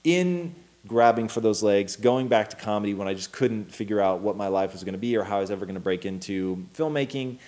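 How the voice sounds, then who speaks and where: A man in his thirties co-hosting a casual conversation, swinging his voice up and down as he acts out scenes from his story. He swears freely and talks with easy, animated energy. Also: lowish voice, fairly quick, few pauses. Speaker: co-host.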